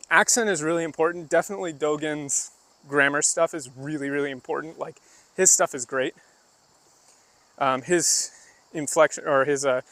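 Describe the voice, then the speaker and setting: A man's voice: fairly high pitch, a bit bright, dry recording. Chatty man streaming outdoors, crickets. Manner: chatty, loose and conversational, demonstrating Japanese phrases. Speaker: vlogger livestreaming while walking. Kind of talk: casual livestream chat while walking, answering chat. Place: outdoors, rural path near woods.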